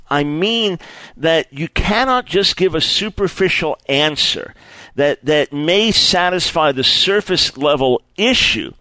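A man preaching a sermon, his higher-pitched voice rising and falling with strong expression. He repeats key phrases for emphasis and acts out the people in his examples. The sound is close and dry. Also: fairly bright tone, no room sound, rough recording. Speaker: preacher teaching on apologetics.

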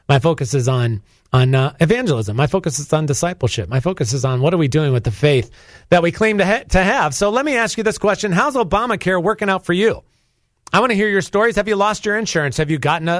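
A charged-up man from North Carolina delivers a Christian talk radio monologue, preachy and emphatic. His voice sits a bit high for a man. The sound is dry and close, with no room around it. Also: no room sound. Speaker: guest radio host. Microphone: studio microphone.

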